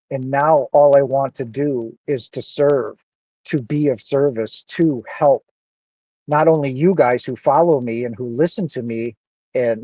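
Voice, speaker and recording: Man talking to his own camera, earnest and emotional, voice dark and a little muffled. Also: mid-range voice, no echo. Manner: earnest, emotional, repeats himself. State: emotional, close to tears. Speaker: vlogger. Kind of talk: emotional personal monologue.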